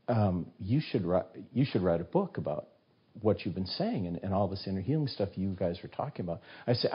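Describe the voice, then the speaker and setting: Husky older man telling animated stories. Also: on the low side. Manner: animated storyteller who acts out quoted voices. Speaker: guest author. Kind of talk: casual interview storytelling. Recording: dull, muffled recording.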